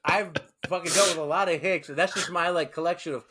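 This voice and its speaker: Profane, animated man on a podcast. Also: fairly high pitch, fast, crowd noise. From New York. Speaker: podcast co-host. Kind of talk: casual podcast chat.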